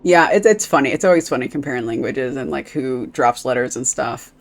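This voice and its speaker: A woman's voice: rumbling low, animated, fairly quick. A woman streaming a game, chatting casually, rambling with lots of fillers and swearing freely.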